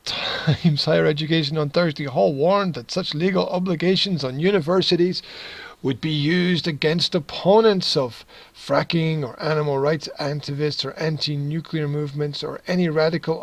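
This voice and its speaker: A man's voice: fairly high pitch, steady tone, moderate pace, dry recording, poor audio. A man teaching English, reading a news text aloud and adding sarcastic, chuckling asides.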